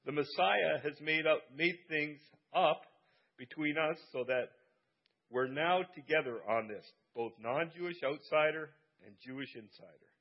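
A male pastor delivers a sermon in an earnest, repetitive style, hammering home his key phrases. His voice sits a little higher than most men's. The recording is dull and lo-fi. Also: measured pace. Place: church service.

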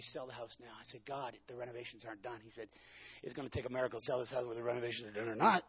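A man preaching with a very husky, gravelly voice that sits a little high. He tells his story dramatically and plays out his own quotes. The recording is dull and lo-fi. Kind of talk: sermon.

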